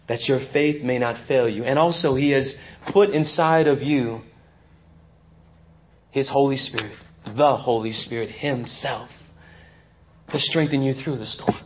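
A male pastor preaching a sermon, swinging between loud emphasis and hushed intensity. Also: mid-range voice, muffled recording. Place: church.

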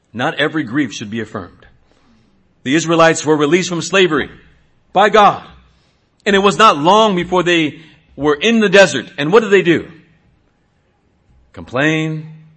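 A man's voice: high voice, a bit bright, slightly rough. A middle-aged man, a pastor, preaching a sermon in an earnest way, asking questions and sometimes restarting.

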